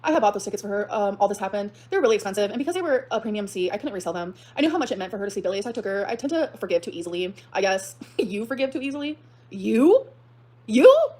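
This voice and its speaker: A young woman livestreaming, reacting with fast, heated, profane outbursts that swing up to shouting. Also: mid-range voice, lively intonation. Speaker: livestreamer reading and reacting to a post. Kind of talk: emotional livestream rant.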